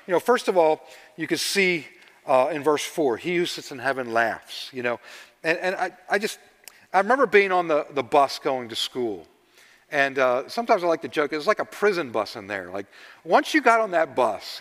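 A man preaching a sermon, telling stories and swinging between loud emphasis and hushed asides. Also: fairly high pitch. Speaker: pastor. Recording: long reverb of a large hall.

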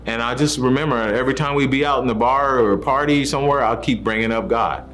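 A fast-talking man with a medium-pitched voice tells his faith testimony earnestly, doing the voices of the people he mentions. Soft music plays below his speech.

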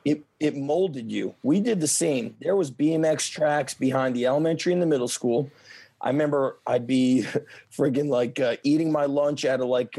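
A middle-aged man in casual chat, telling lively childhood stories with swearing and laughter. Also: mid-range voice, no room sound.

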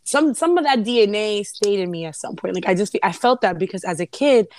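A woman in casual chat, telling a story in an animated way and acting out the quotes. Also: mid-range voice, a little fast, dry recording.

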